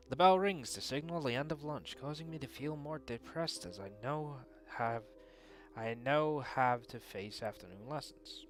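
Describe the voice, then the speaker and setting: A man's voice: medium pitch, expressive, normal speed, faint music behind. A man reading a visual novel aloud in earnest first-person narration, adding dry asides of his own. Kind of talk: dramatic read-aloud narration.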